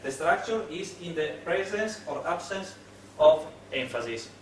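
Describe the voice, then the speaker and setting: Hesitant lecturer in an echoey room. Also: male voice, on the high side, animated, a little slow. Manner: hesitant, many fillers and restarts. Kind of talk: classroom lecture on web development. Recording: echoey room, mic at a distance, noisy.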